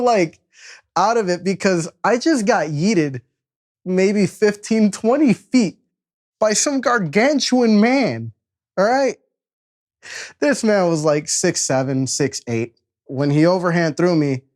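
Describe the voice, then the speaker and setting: Animated young man telling a story. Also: on the high side. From Chicago. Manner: animated, acts out quotes, laughs at himself, swears freely. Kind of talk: casual spoken storytelling.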